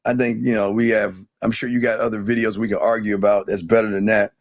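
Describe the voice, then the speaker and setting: A man's voice: lowish voice, flat delivery, quick pace, no room sound, clean studio sound. A man hosting a live call-in show, quizzing callers and cutting them off when they ramble. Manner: bossy, impatient with callers.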